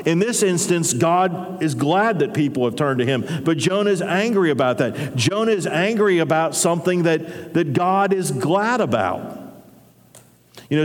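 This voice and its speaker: A male pastor delivers his sermon in a relaxed, conversational way. His voice sits a bit high, and he slips into grumbling inner voices to make his points. The sound carries a long reverb from a large church hall.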